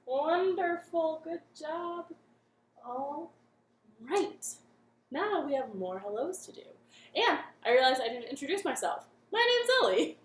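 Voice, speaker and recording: A woman's voice: fairly high pitch, echoey room, a little hiss or hum. A young woman leading a cheerful children's storytime from her living room, chatting and singing simple songs.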